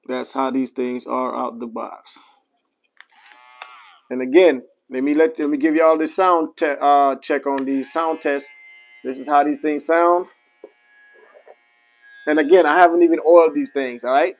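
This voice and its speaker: A man's voice: a little high, fairly even intonation, moderate pace, rough recording. A man, a barber, chatting casually on a live stream and talking straight to his viewers, with many apologetic asides and fillers. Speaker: barber reviewing clippers.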